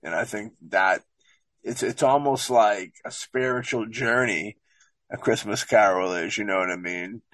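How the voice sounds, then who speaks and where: A man's voice: on the low side, fairly bright tone, no room sound, rough recording. A man reading passages aloud with small slips, then rambling in casual commentary and often asking "you know what I mean". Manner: reads aloud haltingly with slips. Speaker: show presenter discussing a book.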